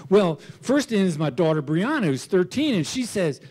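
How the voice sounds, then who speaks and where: An older man in his sixties tells a funny personal story to a live crowd. His voice sits fairly high for a man and swoops up and down with real animation. He pokes fun at himself and chuckles as he goes. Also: normal speed. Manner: animated, self-mocking, chuckling. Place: stage at a storytelling show.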